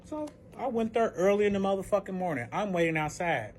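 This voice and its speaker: A man telling a wild personal story in a casual, profane and animated way. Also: high-pitched, fairly quick, slight background noise. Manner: profane, animated, emphatic retelling.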